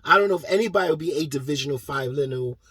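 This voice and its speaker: Male boxing fan-vlogger, passionate and rambling, with a husky tone in a dry, close recording. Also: fairly high pitch, rapid-fire, fairly bright tone, no echo. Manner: passionate, rambling, swears freely. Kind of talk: casual fan commentary vlog.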